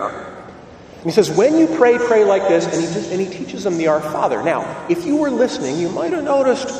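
A man delivers a lively sermon with a pitch that swings up and down. He is heard from a distance, and his voice rings through a roomy church with a long reverb trail. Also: a little hiss or hum. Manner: animated, questioning, emphatic repetition. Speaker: preacher. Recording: echoey church, voice from far off.

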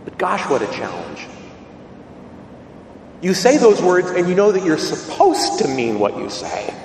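A priest gives his homily, telling stories with a lively voice that leaps up and down. He stands back from the mic, and a long hall reverb trails his words. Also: unhurried, a little hiss or hum. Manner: storytelling, rising to high excited tones for quoted voices. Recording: roomy hall reverb, voice from a distance.

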